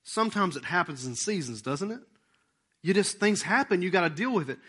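Guy preaching, chatty then suddenly punchy and loud, fairly high voice. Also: brisk, husky. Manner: lively, conversational preaching with sudden loud emphatic bursts; leads the congregation in breathing exercises. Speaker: pastor. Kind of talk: sermon.

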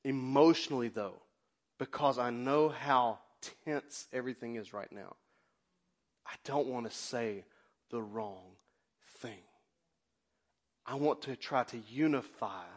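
A man preaching as pastor in a church, passionate, swinging between loud exclamations and quiet confessions. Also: medium pitch, slow, long pauses. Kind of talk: sermon. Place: church sanctuary.

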